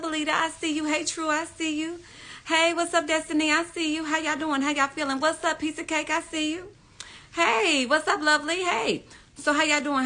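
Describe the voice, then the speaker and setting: Bright-voiced woman greeting her live viewers. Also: fairly high pitch. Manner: greets chat viewers by name, drawn-out emphatic repeats. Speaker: live stream host. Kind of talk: casual live stream chat with viewers.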